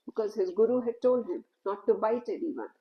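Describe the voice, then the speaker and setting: A woman telling a devotional story in a gentle, measured way, with "you know" asides. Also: medium pitch, creaky, muffled recording.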